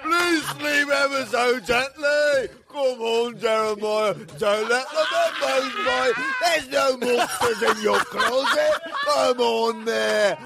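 A man doing a gravelly doting Liverpool mum. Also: very high voice, slow pace, a loud crowd, voice pushed up, heavily acted. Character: doting Liverpool mother, tender and loud.

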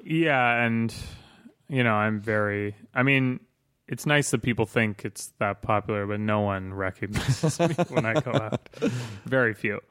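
A man's voice: fairly low pitch, a little slow, a bit bright, clear, resonant tone. A man in his thirties, a guest on a podcast, talking in a hesitant, understated way. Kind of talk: casual interview chat.

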